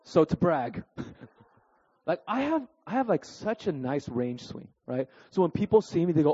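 A man in his thirties preaching through personal stories, animated and self-deprecating, tagging his sentences with "right?" and "okay?". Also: a little high, moderate pace, breathy edge. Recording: dull recording with long hall reverb.

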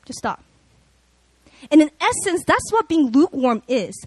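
Animated, high-voiced woman preaching. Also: a little slow, no echo. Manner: animated, expressive, conversational with many fillers. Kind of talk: sermon with personal storytelling.

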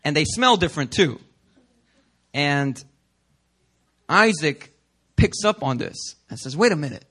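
A man's voice: fairly high pitch, expressive, slow pace, pauses often, pushed and bright. A young male pastor giving a sermon in a church, telling stories in a casual, joking way.

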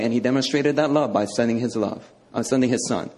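A man's voice: medium pitch, a little fast, darkish tone. A male preacher teaching a sermon in a conversational, emphatic way, often checking in with "okay".

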